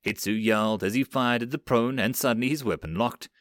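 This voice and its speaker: A man reading a web novel audiobook in an animated narration style. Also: medium pitch, a little fast, no room sound, clean studio sound.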